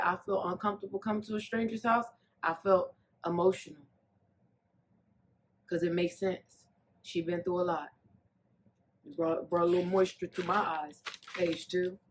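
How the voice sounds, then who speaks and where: A woman hosting a casual TV recap, talking in a sassy, animated way that swings between loud jokes and soft, earnest asides. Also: medium pitch, a little hiss or hum. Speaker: recap host.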